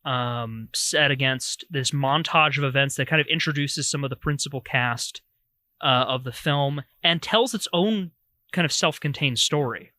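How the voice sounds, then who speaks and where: A man's voice: medium pitch, normal speed, sharp tone, no echo. A man co-hosting a podcast, reviewing a film in rambling casual chat with many restarts. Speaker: podcast co-host.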